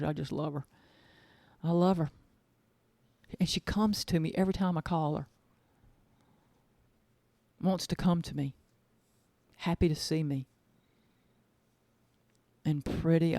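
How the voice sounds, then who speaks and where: A woman's voice: low voice, dark tone, no room sound. A woman hosting her own podcast as an author, chatting casually in a gushing, rambling way and repeating words for emphasis. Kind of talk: casual chat.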